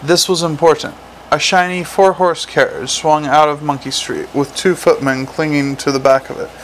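A man narrates a storybook in a measured, dry voice. His pitch sits a little higher than usual for a man. A faint ambient hiss runs under the recording. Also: fairly even intonation, low-quality recording. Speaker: audiobook narrator.

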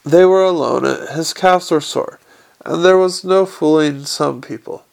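A man's voice: a little high, measured pace, vocal fry. A man reading an audiobook in a dry, understated narrating manner. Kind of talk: scripted narration.

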